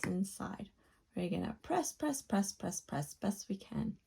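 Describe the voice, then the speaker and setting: A woman hosting a children's video, narrating playfully with gasps and wide-eyed excitement to a young viewer. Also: medium pitch, measured pace, gravelly, slight background noise. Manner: gasping, wide-eyed excitement, drops to a soft whisper at times. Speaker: children's educational video host.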